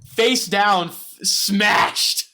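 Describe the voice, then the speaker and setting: A man's voice: high-pitched, drawn-out words, sharp tone. A man hosting a casual book podcast, swearing a lot and joking as he sums up the chapter. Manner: profane, jokey, acts out characters in quotes. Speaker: podcast host.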